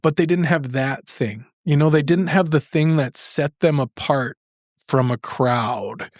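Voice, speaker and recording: A man's voice: a little high, a little slow, no echo, clean studio sound. A man hosting a podcast, talking casually and rambling with many restarts. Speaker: podcast host. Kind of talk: casual interview chat.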